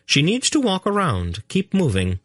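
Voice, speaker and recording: A man voicing a calm, firm older woman who speaks carefully to a flustered young man. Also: high voice, normal speed, no echo, clean studio sound, pitched above the performer's own voice, heavily acted. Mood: calmly firm. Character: calm, commanding older woman, a wise aunt. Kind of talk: audiobook character voice.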